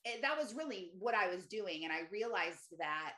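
Reverberant audio captures a woman with lively intonation and a pushed, bright voice at normal speed. A podcast host and coach appearing as an interview guest, she tells her personal story earnestly and emphatically, lifting her voice higher whenever she quotes her own thoughts.

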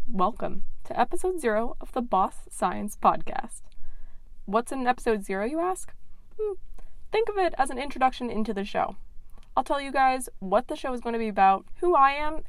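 A woman's voice: a little high, normal speed, no echo. Playful young woman hosting a podcast. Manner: playful, self-mocking, excitable. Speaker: podcast host. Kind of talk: upbeat scripted podcast intro.

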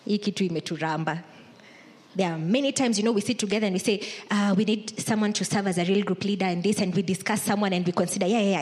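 A woman pastor preaching a sermon in a conversational way, acting out the thoughts of imagined churchgoers. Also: mid-range voice.

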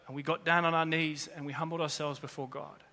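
A man's voice: fairly high pitch, little pitch movement, fairly quick, sharp tone, slight background noise. A man, a pastor, preaching a sermon in earnest, repeating key phrases for weight. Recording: long reverb of a large hall.

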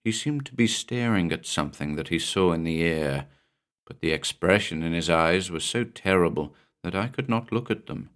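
A man with a very low voice narrates a horror short story for a podcast he hosts. His reading is measured and somber, steady through long descriptive passages.

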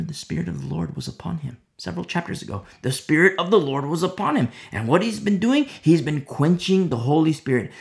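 A Bible teacher working through scripture verse by verse, with a gravelly edge to the voice. The pitch swings widely as the teacher stresses and repeats key phrases, now and then dropping to a whisper. Bits of the text get acted out in quick changes of voice. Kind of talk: verse-by-verse Bible study sermon.

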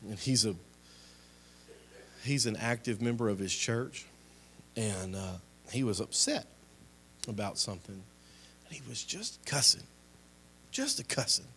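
A man's voice: on the low side, measured pace, pauses often, a bit bright, a little hiss or hum. A young man preaching a sermon and leading a closing prayer, impassioned, swelling and dropping in volume with repeated exhortations. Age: young adult. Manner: impassioned, rising and falling in volume, repetitive exhortations.

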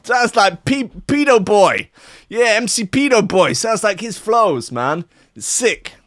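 A man's voice: high-pitched, lively intonation, takes it slowly, background noise, voice pushed up. A man mimicking a gushing young female grime fan, slangy and starstruck.

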